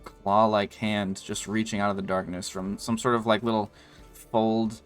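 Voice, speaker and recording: A man's voice: lowish voice, level tone, moderate pace, clear, resonant tone, faint music behind. A man running a tabletop game as game master, narrating in a loose, rambling way full of ums and likes.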